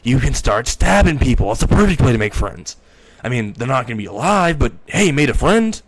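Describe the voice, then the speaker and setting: A man's voice: fairly low pitch, fairly even intonation, a little slow. A man voicing a murderous male doll that mocks and cackles, in a fan-made story reading. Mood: taunting. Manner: mocking, cackling.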